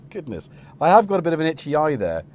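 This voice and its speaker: A man's voice: fairly high pitch, darkish tone. A middle-aged man hosting a casual live stream, rambling and joking while he talks to his cats.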